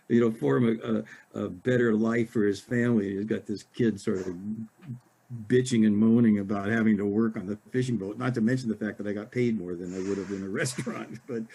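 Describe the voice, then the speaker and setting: An older man from Oregon, an author giving a casual library talk, halting with many fillers and restarts. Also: medium pitch, dark tone, slightly rough.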